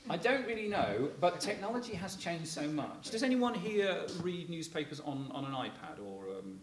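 A man's voice: a little high, big pitch swings, normal speed, crowd noise. A middle-aged man gives a chatty, rambling talk to a live audience, chuckling as he tells stories and filling gaps with "you know, kind of thing.". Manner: chuckles while telling stories. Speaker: speaker addressing a local audience. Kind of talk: anecdotal public talk. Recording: echoey room, faint noise.

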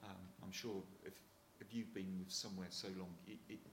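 A low-pitched man speaks fairly quickly in a level tone. He's a Hampshire-accented retired Royal Marine in his sixties, relating chatty anecdotes to an audience and often chuckling or restarting. The sound is roomy, with slight background noise.

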